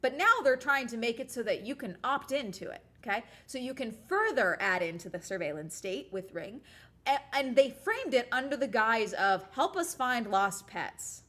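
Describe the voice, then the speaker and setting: A woman's voice: on the high side, expressive, normal speed, bright, forceful tone. Rambling sarcastic woman streamer. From United States. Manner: rambling, sarcastic, talks to chat. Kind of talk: casual livestream chat.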